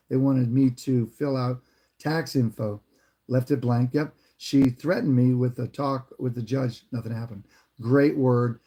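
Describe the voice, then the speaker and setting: A man's voice: medium pitch, warm tone. A man hosting a livestream, casually retelling an encounter and explaining his views, with frequent restarts. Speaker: livestream host.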